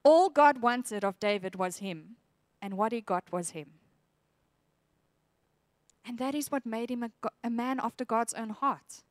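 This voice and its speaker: A woman's voice: fairly high pitch, lively intonation, unhurried, long pauses, no room sound, clean studio sound. A woman preaching a sermon, earnest and reflective, reading scripture aloud with feeling.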